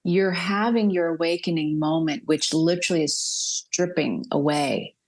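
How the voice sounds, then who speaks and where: A woman's voice: sits low, unhurried, darkish tone. A woman hosting a podcast interview who encourages her guest with short affirmations. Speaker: podcast host. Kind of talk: casual interview chat.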